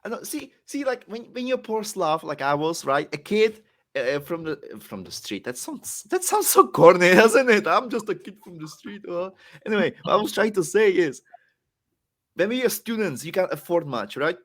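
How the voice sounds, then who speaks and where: A young man from the Czech Republic with a Czech accent, chatting casually as a podcast guest and laughing often. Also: normal speed. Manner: animated, laughs often, swings between excited and low. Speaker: guest wrestler.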